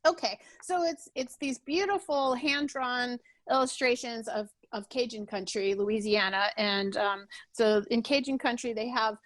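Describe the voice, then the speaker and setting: A woman's voice: fairly high pitch, measured pace, few pauses, a bit bright, dry recording. A woman being interviewed on a podcast over a video call, talking casually with many restarts. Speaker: podcast guest.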